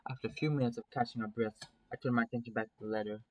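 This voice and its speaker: A man's voice: medium pitch, fairly even intonation, fast, hardly any pauses, rough recording. A man reading a visual novel aloud in a dramatic first-person storytelling manner. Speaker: narrator.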